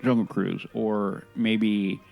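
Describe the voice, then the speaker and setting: Male podcast co-host, deep-ish voice, earnest and halting, restarts a lot; light music bed behind. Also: flat delivery, vocal fry, darkish tone. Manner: halting, many restarts and self-corrections; earnest, opinionated. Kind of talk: casual chat.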